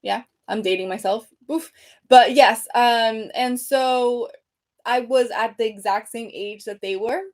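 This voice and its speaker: A woman in her thirties, seated at her desk in a room at home, hosts a livestream through her computer webcam mic. She speaks at a measured pace in a fairly high voice, reading comments aloud casually with many ums and restarts.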